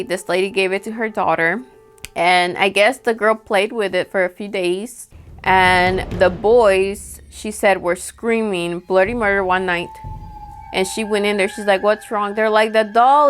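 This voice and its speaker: A woman of ordinary pitch tells a spooky personal story in a loose, chatty way, sprinkling in fillers. Soft music runs quietly behind her. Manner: chatty, peppered with "like" and acted-out quotes. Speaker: storytime vlogger. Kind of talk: casual spoken storytelling.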